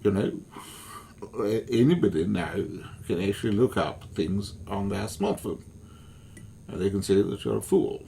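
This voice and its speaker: A man's voice: low voice, measured pace, gravelly, dark tone, a little hiss or hum. A man delivering an angry, swearing monologue as an online commentator, furious and repetitive.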